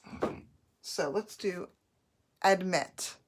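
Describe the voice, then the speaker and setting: A woman teacher giving a patient phonics lesson, modeling each word slowly and clearly. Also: fairly low pitch, lively intonation. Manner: slow, patient, drawn-out modeling of words.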